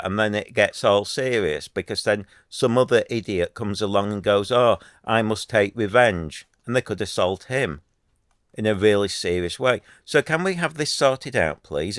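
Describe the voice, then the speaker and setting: Man, lower voice, dry close sound, earnest rambling commentary. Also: a bit bright, no room sound. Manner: earnest, rambling with many restarts and fillers. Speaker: YouTuber. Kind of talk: casual commentary to camera.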